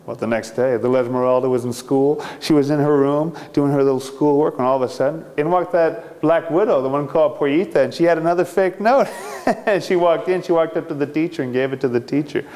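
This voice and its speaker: A man's voice: on the high side, a little fast, a little mellow. A man telling a campy horror story with theatrical, gleeful delivery, laughing often. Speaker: ghost story narrator.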